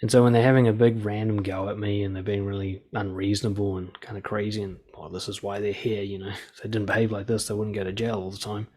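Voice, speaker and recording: Man, thirties, casual coaching talk, calm, blunt, swears. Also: on the low side, fast talker, hardly any pauses.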